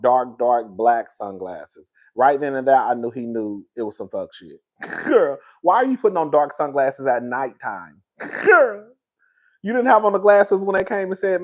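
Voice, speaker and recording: Gossipy man, animated commentary. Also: high-pitched, normal speed. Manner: animated and gossipy, laughing between lines, calls his viewers "girl". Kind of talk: reaction commentary.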